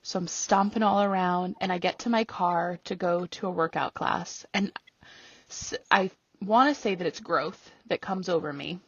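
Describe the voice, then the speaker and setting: A woman hosting a podcast, telling a personal story in a casual, animated way, laughing often and rising high when acting out her own reactions. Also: moderate pace, breathy edge, no room sound, lo-fi sound. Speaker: podcast host.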